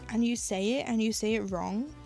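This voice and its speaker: A woman's voice: a little high, moderate pace, creaky, a little mellow, soft background music. A woman from the UK with a British accent, rambling casually and joking to her viewers while she stitches at home. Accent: British English. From United Kingdom. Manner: rambling and chatty, with frequent "like" and self-aware jokes. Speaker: live-streaming stitcher.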